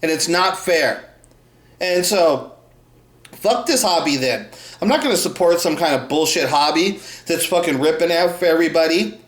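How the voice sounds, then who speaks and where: A man co-hosting a podcast, ranting in a heated, contemptuous way and swearing constantly. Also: on the high side. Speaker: podcast co-host. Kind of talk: angry profane rant. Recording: echoey room.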